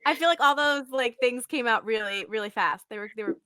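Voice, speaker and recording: A young woman who is a podcast host and acting coach runs a live video podcast interview over a video call, bubbly and gushing, laughing often. Her voice is on the high side and fairly quick, with crowd noise in the background.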